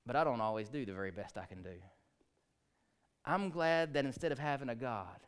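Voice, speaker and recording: A man, preaching a sermon, swinging between hushed, quiet lines and loud, rising ones. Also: mid-range voice, a little fast, pauses often, clear, resonant tone. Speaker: pastor.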